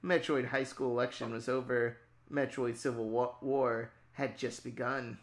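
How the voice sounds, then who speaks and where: A woman's voice: a bass voice, fairly even intonation, moderate pace. A woman telling a comedic improvised story on a stream, often breaking into giggles.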